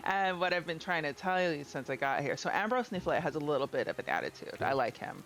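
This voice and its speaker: A woman hosting a let's-play, chatty and expressive, swearing casually as she comments on the game. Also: low-pitched, a little fast, poor audio. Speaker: gaming channel host.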